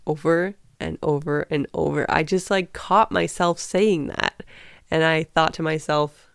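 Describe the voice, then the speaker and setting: A woman's voice: deep voice, fairly even intonation, unhurried, gravelly, clean tone, no echo, clean studio sound. A woman in her thirties telling a candid personal story in a chatty vlog, with lots of fillers. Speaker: vlogger.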